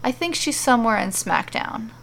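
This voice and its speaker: A woman voicing an excitable, scatterbrained male wrestler hero who talks eagerly in a goofy way. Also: a little high, moderate pace, creaky. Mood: breezy.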